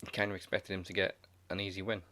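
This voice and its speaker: A man hosting a podcast, recapping matches in a steady way. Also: low-pitched, fast talker, no echo. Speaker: podcast host. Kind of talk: recapping wrestling shows.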